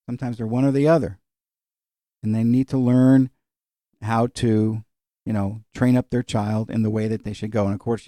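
A middle-aged man with a lowish, mellow voice leads an informal Bible study, weaving in personal stories. He talks conversationally and drifts off on tangents, using fillers and chuckling. The recording is studio quality with no echo.

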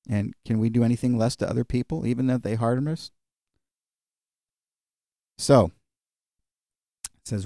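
Mellow-voiced male preacher, dry sound. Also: medium pitch, gravelly, no room sound. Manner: conversational storytelling, many fillers. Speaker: pastor. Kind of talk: sermon.

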